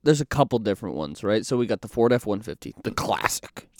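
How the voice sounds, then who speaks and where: A man's voice: fairly low pitch, very animated, dry recording, clean studio sound. A man co-hosting a podcast in casual chat, rambling with lots of fillers and restarts. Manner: rambling, halting, with frequent fillers. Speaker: podcast co-host. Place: Portland, Maine.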